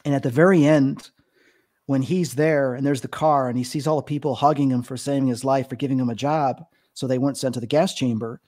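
This podcast guest, a psychic medium in his fifties, has a mid-range, darkish voice with a steady tone and a somewhat quick pace. He relates his stories in an earnest, emotional way, with many fillers throughout.

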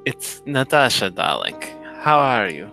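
A man's voice: mid-range voice, big pitch swings, measured pace, bright, forceful tone, faint music behind, full character voice. A man voicing a flirtatious Russian nightclub hostess with a put-on Russian accent, teasing and coaxing. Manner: teasing, coaxing, calls everyone darling.

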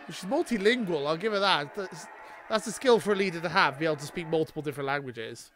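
A man doing live reaction commentary, talking back at the screen and swinging between low mutters and excited shouts. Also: fast talker. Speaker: reaction video host.

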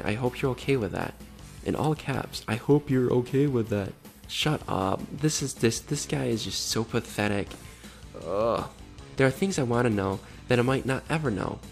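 A sarcastic, exasperated man reads chat messages aloud in casual vlog commentary. His voice sits at an ordinary middle pitch. Faint music plays underneath. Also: vocal fry. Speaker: channel host exposing online predators.

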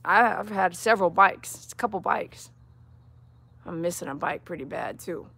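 A woman's voice: lowish voice, animated, normal speed, gravelly, fairly bright tone, slightly rough. A woman dog groomer talking outdoors on a live-streamed grooming demonstration, chatty, coaxing and reassuring.

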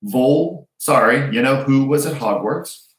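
A man's voice: medium pitch, measured pace, distant mic, pitched above the performer's own voice, close to an everyday voice. A man voicing an earnest young orphan wizard boy. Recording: roomy echo.

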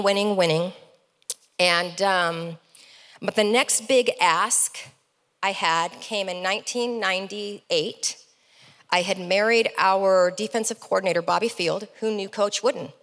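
A middle-aged woman giving a motivational keynote speech on stage, telling stories as a lively, animated storyteller with comic asides. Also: mid-range voice, long reverb tail. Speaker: keynote speaker. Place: large event hall, on stage.

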